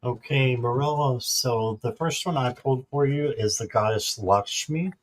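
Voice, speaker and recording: A man's voice: mid-range voice, normal speed, low-quality recording. A man guesting on a tarot stream, reading cards in a chatty, friendly way. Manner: warm, chatty, laughs at his own mispronunciations.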